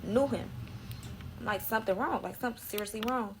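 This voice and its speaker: A woman's voice: fairly high pitch, brisk, slight background noise, rough recording. A young woman telling her own story in a slangy, emotional way, close to tears at times. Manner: slangy, tearful, dramatic retelling.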